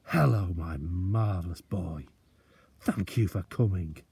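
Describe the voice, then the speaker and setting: Gentle, reassuring storybook father, read by a man. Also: medium pitch, fairly quick, breathy edge, pitched above the performer's own voice, close to an everyday voice. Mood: tender. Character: injured father, calm and tender.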